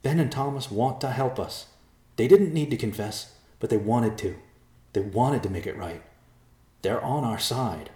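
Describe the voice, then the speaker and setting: A man puts on an earnest young bear for a storybook, pleading with raised, eager pitch. The room around the voice is roomy and echoing. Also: expressive, measured pace, dark tone, natural voice.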